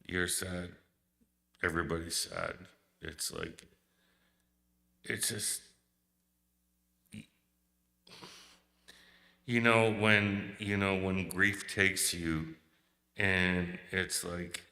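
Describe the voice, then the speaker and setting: A man giving a hesitant, emotional memorial speech, pausing often and searching for words. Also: low voice, steady tone, bright, forceful tone. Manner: hesitant, emotional, many pauses and fillers. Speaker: eulogy speaker. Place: memorial service hall. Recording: long hall reverb.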